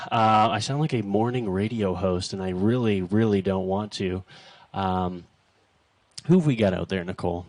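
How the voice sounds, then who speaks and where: A man's voice: lowish voice, normal speed, dry recording, distant mic. A man hosting his first live stream from a home studio, chatty, self-deprecating and a bit nervous. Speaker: host. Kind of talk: casual live stream chat.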